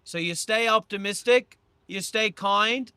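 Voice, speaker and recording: A man's voice: high voice, unhurried, pushed and bright, smooth, dry recording. A man hosting a casual live stream, playful and teasing, with lots of exclamations. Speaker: livestream host.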